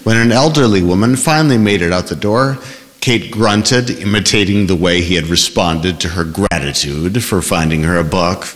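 A man reading a novel aloud in measured, expressive scripted narration, also speaking the shy bookseller's lines. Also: low-pitched, big-room sound. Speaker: audiobook narrator.

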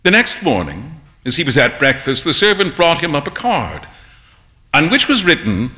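A man narrating an audiobook in a measured, expressive way. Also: fairly high pitch.

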